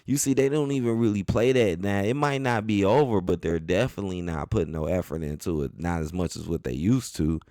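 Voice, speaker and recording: A man giving a casual, animated opinion rant as a wrestling commentary host, repeating his points in loose everyday speech. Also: low-pitched, fairly quick, hardly any pauses, no room sound, studio quality. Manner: animated, repetitive, colloquial.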